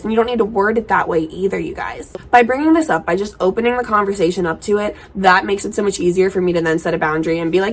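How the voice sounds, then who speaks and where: A woman's voice: medium pitch, quick pace, few pauses. A woman hosting a casual stoner podcast, talking in a frank, profane, rambling way, recorded outdoors. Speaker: podcast host. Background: faint outdoor ambience.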